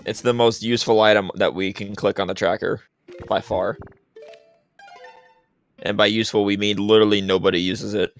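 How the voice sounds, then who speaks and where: A man's voice: on the low side, little pitch movement, normal speed, long pauses, clean tone, faint music behind. A man commentating a live speedrun race, explaining strategy at length and calling out misplays. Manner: explanatory, opinionated, frequent restarts.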